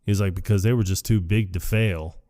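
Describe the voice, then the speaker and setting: A man's voice: sits low, fairly even intonation, fairly quick, warm tone. A man co-hosting a podcast, casually retelling a film scene by scene and acting out the lines in shifting voices, laughing often. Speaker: podcast co-host. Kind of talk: casual chat recapping a film.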